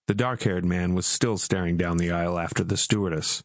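Man, audiobook narrator, very deep voice, measured reading, dry close sound. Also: steady tone, dry recording.

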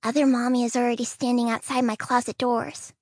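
Woman audiobook narrator, high, soft, childlike first-person read, dry studio sound. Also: level tone, fairly quick, slightly rough, no room sound.

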